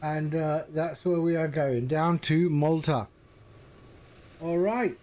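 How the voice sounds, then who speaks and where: A man giving casual live-stream commentary as he sets up a flight simulator, chatting to viewers in a relaxed, rambling way. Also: fairly high pitch, takes it slowly.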